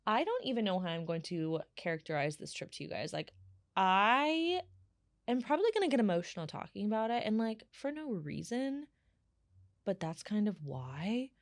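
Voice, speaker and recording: A woman in her thirties hosting a casual solo podcast, telling stories in a chatty, animated way with lots of fillers. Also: mid-range voice, moderate pace, dry recording, studio quality. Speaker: podcast host.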